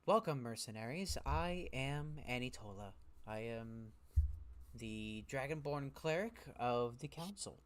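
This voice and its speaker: An aged dragonborn cleric woman, as a game master puts her on, quiet and formal. She speaks in brief, ceremonial words. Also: mid-range voice, expressive, unhurried, close to an everyday voice. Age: older. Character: very old female dragonborn cleric.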